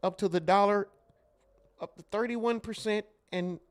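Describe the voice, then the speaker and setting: A man's voice: sits high, moderate pace, natural voice. A man playing an overly polite corporate phone agent who talks stiffly and fumbles his figures. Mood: prim, businesslike. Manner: stiff, formal, fumbling with numbers.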